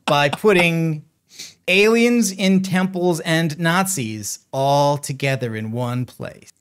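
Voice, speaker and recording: A man at the controls of a game, talking haltingly and muttering to himself as he plays. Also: on the high side, fairly bright tone, smooth. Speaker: player at the controls. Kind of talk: casual let's-play chat.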